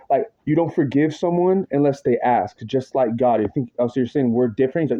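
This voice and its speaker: A man's voice: medium pitch, fast talker, mellow. A man ranting agitatedly in a rambling, profane monologue full of slang, his words tumbling into restarts. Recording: dull lo-fi audio.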